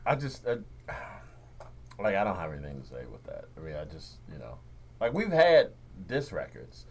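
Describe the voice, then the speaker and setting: Low-voiced man, laid-back rambling host. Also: wildly swooping pitch, moderate pace, vocal fry, darkish tone, slight background noise. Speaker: radio show host. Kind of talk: casual chat.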